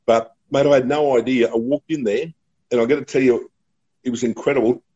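Husky, dark-voiced Australian man telling stories. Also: medium pitch, fairly even intonation, a little fast, muffled recording. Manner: chatty, laughing anecdotes. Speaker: radio broadcaster guest. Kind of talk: casual storytelling.

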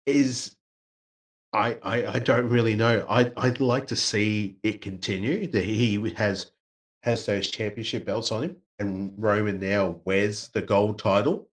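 A man's voice: on the low side, steady tone, a little slow. A man co-hosting a casual wrestling chat, playful and swearing freely, slipping into mocking voices. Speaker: podcast co-host.

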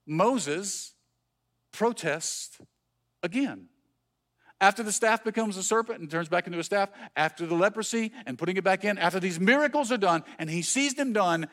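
A man's voice: high voice, animated, moderate pace, a bit bright. A man preaching a sermon as pastor, earnest, with rhetorical questions and repeated phrases. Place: church.

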